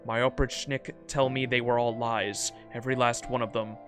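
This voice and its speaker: A man's voice: medium pitch, little pitch movement, normal speed, lightly acted. A man reading as a brooding ancient emperor. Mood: grave. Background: background music.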